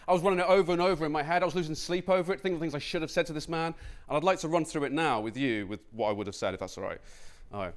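A man's voice: on the high side, very fast. A British man performing an absurd stand-up monologue, awkward and building to manic outbursts. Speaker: stand-up comedian.

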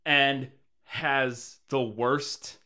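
A man's voice: mid-range voice, little pitch movement, extremely slow, bright, forceful tone. A man co-hosting a casual movie review podcast, rambling, swearing and laughing as he talks. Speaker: podcast co-host.

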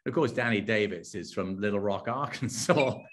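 A man with a London English accent, speaking as an actor guest in a relaxed interview, with fillers and restarts. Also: on the low side, normal speed, slight background noise. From England. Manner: conversational, with frequent fillers and restarts. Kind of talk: interview chat.

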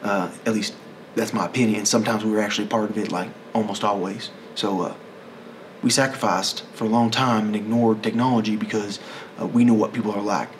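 A man's voice: on the low side, fairly even intonation, fairly quick, slight background noise. Rambling, profane man in a monologue. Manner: profane, rambling, self-correcting.

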